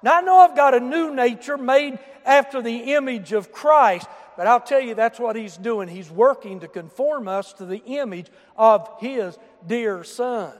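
A preacher with a strikingly high voice delivers an emphatic sermon. He drops to quiet asides, then rises to shouted emphasis. His voice rings out with the long reverb of a church hall. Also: a little slow, hardly any pauses. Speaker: pastor. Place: church sanctuary.

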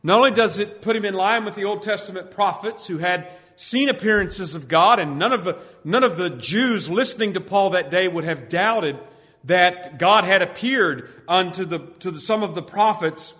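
A male pastor preaching a sermon with emphatic, drawn-out stresses, dropping his voice low when he quotes scripture, recorded in a church sanctuary. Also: a bit bright. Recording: church hall with long reverb.

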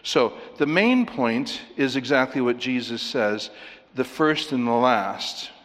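A man teaching a Bible passage verse by verse, animated, acting out the characters with quick asides and chuckles. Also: mid-range voice, big-room sound. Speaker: preacher.

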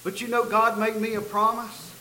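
A man preaching a sermon, telling a story and building to loud, emphatic peaks. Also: sits high, little pitch movement, normal speed, echoey room, a little hiss or hum, rough recording. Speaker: pastor.

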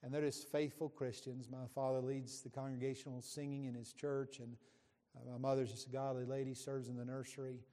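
Folksy preacher in a hall. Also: male voice, mid-range voice, level tone, brisk, warm tone. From West Virginia, USA. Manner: folksy, joking, addresses the congregation. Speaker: visiting preacher. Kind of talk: sermon introduction from the pulpit. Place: church sanctuary. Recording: long church hall reverb.

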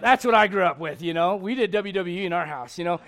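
A middle-aged male pastor preaching a sermon in a humorous, conversational way, swinging from loud bursts to hushed lines. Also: high voice, fast, some chatter behind.

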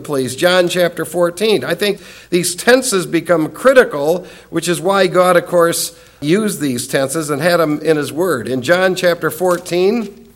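A man's voice: sits high, fairly bright tone. A man teaching a Bible study lesson in an earnest, emphatic way, repeating key words for stress.

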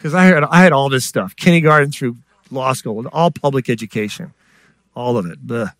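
A man's voice: medium pitch, normal speed, fairly bright tone, dry recording. A middle-aged man preaching a sermon in a conversational way, with asides and rhetorical questions to the congregation. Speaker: pastor.

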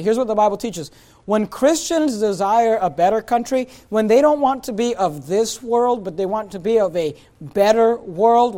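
A man preaching a sermon as pastor, forceful and emphatic, with frequent repetitions. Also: high-pitched.

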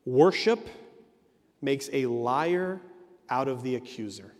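A man's voice: medium pitch, lively intonation, slow pace, long reverb tail. A man preaching an earnest sermon as a pastor, leaning on emphatic repetition.

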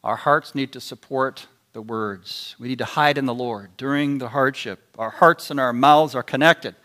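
Guy preaching a sermon, slow and emphatic, gets loud then drops way down, middle pitch. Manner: deliberate, emphatic delivery with sharp swings in loudness.

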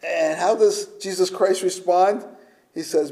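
Man, pastor, sermon, mellow tone, slightly high pitch, emphatic with hushed asides. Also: a little slow. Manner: emphatic preaching, swings from loud to hushed.

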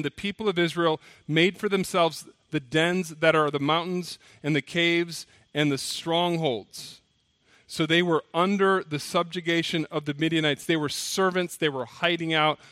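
High-voiced animated male pastor preaching. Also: no echo. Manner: animated storytelling, acts out quoted voices. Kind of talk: sermon. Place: church.

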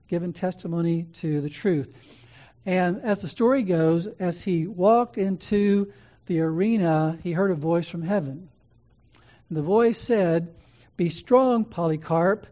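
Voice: mid-range voice, mellow. A preacher delivering an earnest sermon, repeating key phrases with emphatic build-ups, in a slightly dull recording.

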